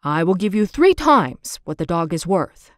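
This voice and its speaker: A woman's voice: lowish voice, very animated, no room sound, clean studio sound. A woman doing a firm, kindly old grandfather. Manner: quick, decisive, gently warm.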